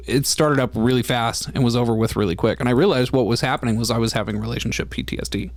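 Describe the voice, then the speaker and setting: A man's voice: mid-range voice, fast, dry recording. A man co-hosting a podcast, telling a story in a candid casual chat and swearing freely. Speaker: podcast co-host.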